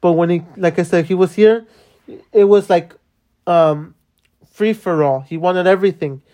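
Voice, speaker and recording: An exasperated podcaster vents in a loose, rambling monologue, peppered with curses and restarts, at a mid-range pitch that sits neither high nor low. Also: moderate pace, dark tone. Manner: profane and rambling, many restarts and fillers; exasperated complaining. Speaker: podcast host. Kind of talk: casual venting monologue.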